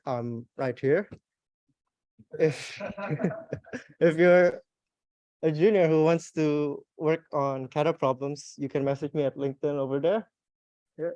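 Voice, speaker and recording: A young man with an Australian accent gives a meetup talk in a mellow, hesitant voice full of small restarts. The sound is dry and close. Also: mid-range voice, dry recording. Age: young adult. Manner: hesitant, plain-spoken with restarts and fillers. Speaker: conference speaker.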